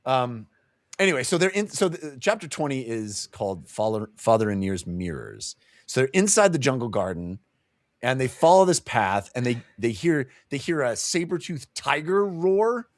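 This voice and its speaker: Animated man retelling a book, dry sound. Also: mid-range voice, normal speed, no echo. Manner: animated retelling, acting out quotes with laughs. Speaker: podcast co-host. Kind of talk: casual book club chat.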